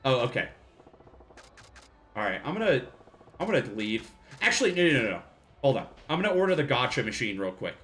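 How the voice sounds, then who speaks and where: Animated jokey man streaming a game. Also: medium pitch, fairly quick, pauses often. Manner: jokey, laughs often, swears casually. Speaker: streamer playing a video game. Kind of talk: casual live gameplay commentary.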